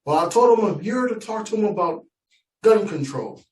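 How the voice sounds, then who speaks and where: A man tells a story on stage in stand-up style, chatty and repeating himself for effect. His voice is a bit high for a man. The sound is echoey and distant, with a faint hiss behind it. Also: animated, normal speed, a little mellow. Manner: conversational, repeating phrases like "right?" and "I'm just saying". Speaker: stand-up comedian. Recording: echoey room, distant mic, faint noise.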